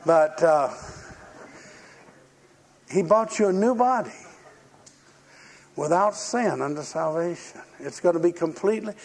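A man's voice: high voice, breathy edge. An older man preaching a sermon in a folksy, storytelling way, acting out the voices of people in his stories.

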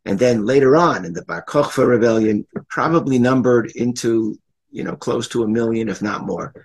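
A man's voice: mid-range voice, moderate pace, poor audio. An older man, a rabbi, giving an earnest Torah lecture, retelling stories and repeating key phrases for emphasis.

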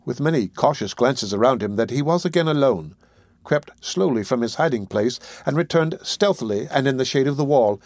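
Brief: man narrating a classic novel, steady and even, dry studio sound. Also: medium pitch, normal speed, no room sound. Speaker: audiobook narrator. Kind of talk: scripted narration.

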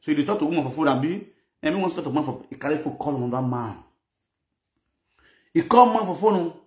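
A man with a Nigerian Pidgin English accent, telling a personal story in an animated, mixed-language way. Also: fairly high pitch, fast talker, reverberant. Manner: animated, mixes Pidgin and Yoruba phrases. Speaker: social media presenter. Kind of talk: storytelling monologue.

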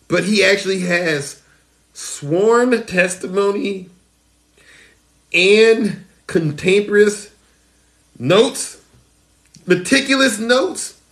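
A man hosting a political commentary show, theatrical, swinging between shouted outbursts and hushed, mock-solemn asides as he addresses his viewers. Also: a little high.

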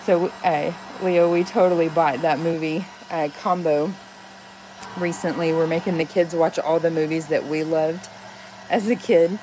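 Chatty Texan woman, low mellow voice. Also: steady tone, measured pace, a little hiss or hum. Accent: Texas, softened. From north central Texas. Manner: chatty, rambling, reacts to chat comments. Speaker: crafter making epoxy cups. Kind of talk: casual chat while crafting.

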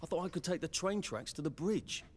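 A man's voice: a little high, expressive, brisk. An actor voicing a nervous, polite young Englishman in a video game, stammering and sardonic. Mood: hesitant.

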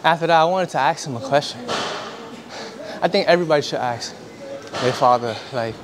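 A man's voice: a little high, a little fast, pauses often, noisy background. A young man chatting casually in a gym between sets, slangy and profane, telling stories with laughs. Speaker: vlogger. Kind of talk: casual workout vlog chat.

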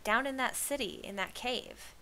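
Storybook shepherd, older woman, brusque and bossy, bright loud voice as a female reader puts her on. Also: on the high side, moderate pace, slight background noise, voice pushed up. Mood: matter-of-fact.

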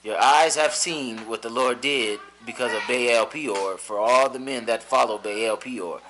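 A man reading scripture aloud in a steady, measured way. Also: medium pitch, a little hiss or hum, low-quality recording. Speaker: scripture reader.

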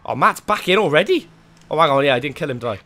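A man hosting gameplay commentary, excitable and swinging from muttering to yelling as he plays. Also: a little high, fast, a little hiss or hum. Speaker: gaming channel host.

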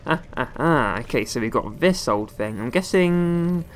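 A young man giving playful, rambling let's-play commentary over a video game, often jumping into squeaky high exclamations. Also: expressive, a little slow, a little hiss or hum. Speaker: gaming YouTuber.

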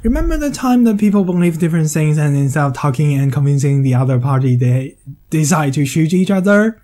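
Man, English speaker, essay narration: mellow, dry humor, hesitant fillers. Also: on the high side, expressive, a little fast. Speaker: video essayist. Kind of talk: scripted monologue.

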